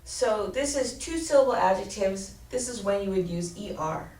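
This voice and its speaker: A woman teaching an English grammar lesson, explaining slowly and clearly and spelling out letters. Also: medium pitch, lively intonation, darkish tone, a little hiss or hum. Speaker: ESL teacher. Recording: roomy, distant mic with faint ambience.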